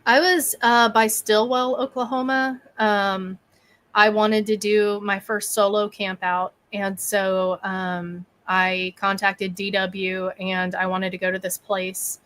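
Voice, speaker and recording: A woman, a guest on a podcast, telling a story with lively energy and acting out her own thoughts and quotes. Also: medium pitch, slow pace. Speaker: bigfoot researcher and podcast guest.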